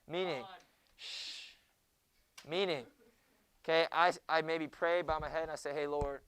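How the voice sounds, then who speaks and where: A young man teaching a junior high Bible class in a classroom, joking with the students and often hushing them. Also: fairly even intonation, a little slow. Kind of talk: classroom lecture.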